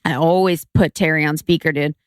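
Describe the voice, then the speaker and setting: A woman co-hosting a podcast, chatting casually and telling stories with animated quotes. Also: sits low, a little fast, clean tone, no echo, studio quality. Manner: chatty storytelling, animated quoting. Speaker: podcast co-host. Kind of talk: casual chat.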